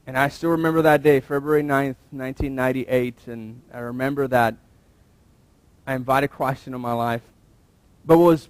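A man in his thirties, a pastor, giving a relaxed conversational sermon, telling a personal story with fillers and restarts and posing rhetorical questions to the congregation. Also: medium pitch, no echo. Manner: self-deprecating, asks listeners rhetorical questions.

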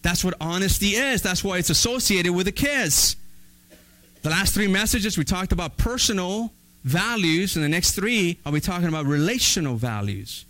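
A male pastor preaching a sermon in an animated, conversational way with playful asides. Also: high-pitched, normal speed, poor audio.

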